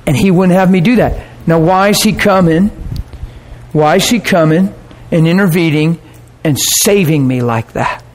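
Animated man preaching a personal story. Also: a little high, moderate pace. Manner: animated storyteller, acts out quoted voices, laughs and gets emotional. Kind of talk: sermon storytelling.

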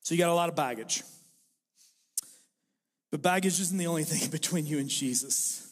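Male pastor, sermon, joking self-deprecating delivery, high voice, echoing sanctuary. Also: moderate pace. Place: church sanctuary. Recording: reverberant hall.

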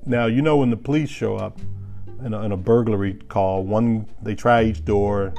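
A man casually telling a story to a listener, animated and chuckling, getting louder at the tense moments. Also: lowish voice, moderate pace, creaky, faint music behind.

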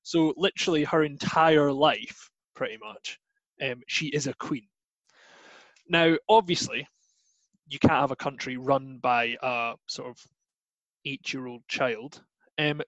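A man's voice: mid-range voice, slow pace, no room sound, lo-fi sound. A Scottish man explaining history in a chatty way, with many fillers and hedges. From Scotland. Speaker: guest teacher.

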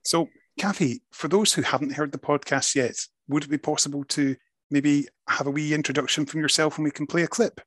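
Guy interviewing, encouraging, bright husky voice, dry sound. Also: fairly high pitch, steady tone, a little fast, no room sound. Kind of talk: interview questions.

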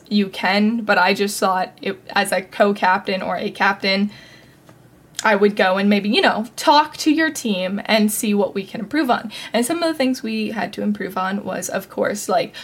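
Chatty young woman podcast host. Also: medium pitch. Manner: chatty, frequent "like" and "um" fillers. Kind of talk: casual storytelling.

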